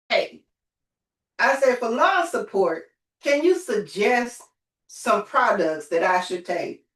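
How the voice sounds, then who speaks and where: Woman telling a lively story, far off. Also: medium pitch. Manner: lively storytelling, calls on listeners. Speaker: group host. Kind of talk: motivational group call talk. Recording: roomy, from off the mic.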